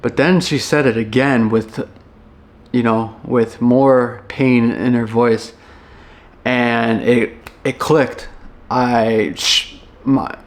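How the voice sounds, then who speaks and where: A young man from Chicago, a former firefighter, telling a personal story in a halting, reflective way with many restarts. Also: medium pitch, steady tone.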